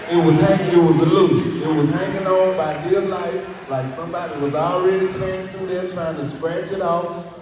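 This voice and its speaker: A man with a Southern US accent telling a drawling, animated stand-up story and acting out the dialogue. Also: a little high. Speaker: stand-up comedian. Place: live comedy venue with audience. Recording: echoey hall from far off, crowd laughing.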